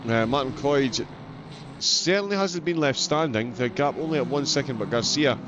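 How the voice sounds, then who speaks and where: A man's voice: mid-range voice, moderate pace. A man with a Scottish accent giving live sim-racing commentary as the stream host, chatty, with lots of uh fillers. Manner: chatty, frequent uh fillers, self-deprecating. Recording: dull lo-fi audio with loud race car noise.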